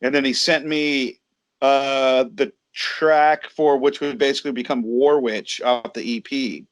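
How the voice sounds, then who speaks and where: A man in a relaxed interview, spinning stories about his music and acting out who said what. His pitch sits right in the middle for a man, neither deep nor high. He drops casual swears as he talks. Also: a little slow, no room sound. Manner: storytelling, acts out quoted exchanges, swears casually. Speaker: guest, metal singer.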